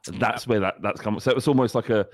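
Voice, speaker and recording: A man's voice: on the low side, fast talker, breathy edge, no room sound, studio quality. A man co-hosting a podcast in casual football chat, laughing often and trading teasing banter. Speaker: podcast co-host.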